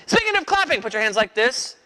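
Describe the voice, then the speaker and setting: A man's voice: very high-pitched, sing-song, fast, background noise. A man performing as a children's magician, playfully joking with and rousing a live audience of kids. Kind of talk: live kids' magic show patter.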